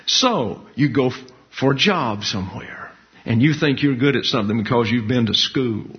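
A man's voice: mid-range voice, lively intonation. Man preaching over lo-fi audio. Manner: measured, folksy teaching with colloquial asides. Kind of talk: sermon. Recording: dull lo-fi recording.

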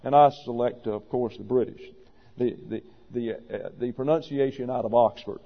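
A man's voice: mid-range voice, moderate pace. A man preaching a sermon to a congregation, emphatic and wry, with sarcastic asides. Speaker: pastor. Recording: dull audio with long reverb.

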